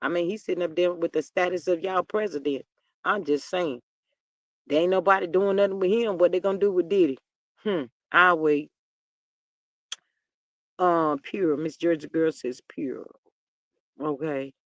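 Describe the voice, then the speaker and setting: A livestream host chatting casually and sassily about celebrity gossip, reading out viewer comments and peppering the talk with "child" and drawn-out "mm, mm". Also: medium pitch, fairly even intonation, a bit bright, dry recording, studio quality. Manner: chatty, sassy, reads viewer comments aloud.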